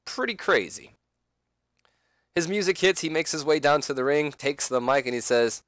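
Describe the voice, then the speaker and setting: A man's voice: a little high, animated, moderate pace, fairly bright tone, dry recording. A man doing casual game commentary, rambling with fillers and side remarks. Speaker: let's play commentator.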